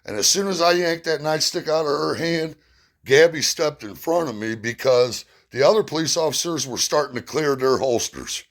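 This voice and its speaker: A man's voice: on the high side, moderate pace. A man telling personal stories in a blunt, plain-spoken way, with emphatic retelling. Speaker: storyteller. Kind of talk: personal storytelling.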